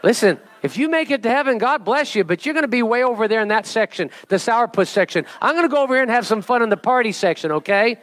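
A middle-aged male pastor preaching a sermon with an object lesson, jokey and animated, building to emphatic calls to the congregation. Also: extremely high pitch, quick pace, few pauses, dry recording.

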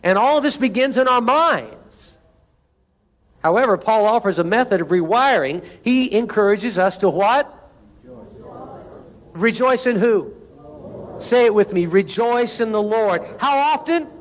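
Pastor, male, high tenor voice; earnest sermon delivery, prompts the congregation to repeat lines. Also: expressive, measured pace. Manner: earnest, leads congregation in call-and-response. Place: church sanctuary.

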